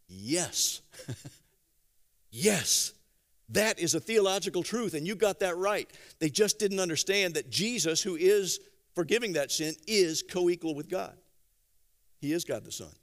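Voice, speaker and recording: A man preaching a sermon, telling stories conversationally with gentle humor and acting out quotes. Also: sits high. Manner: animated storytelling with acted-out quotes. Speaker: pastor.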